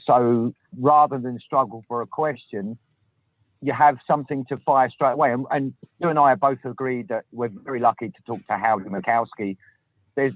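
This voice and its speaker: A man's voice: medium pitch, no room sound. Man on a tinny phone line. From southern England. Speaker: podcast host. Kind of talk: casual chat. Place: in a parked car.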